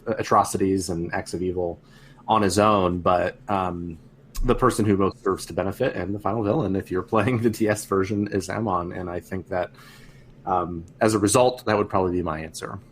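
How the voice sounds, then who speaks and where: A man co-hosting a podcast, speaking in a measured way and hedging with "I mean". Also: deep voice, a little hiss or hum, low-quality recording. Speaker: podcast co-host. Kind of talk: casual chat.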